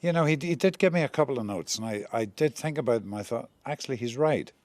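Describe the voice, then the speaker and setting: A man's voice: medium pitch, lively intonation, fast, darkish tone, dry recording. An older man and lead actor, chatting in an interview in a jokey, self-deprecating way. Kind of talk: casual interview chat.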